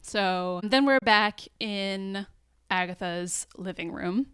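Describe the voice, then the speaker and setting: A woman co-hosting a podcast recaps a TV episode in relaxed conversation, her medium-pitched voice slow and clean in a studio recording with no echo. She's animated, acts out quoted lines, and laughs often.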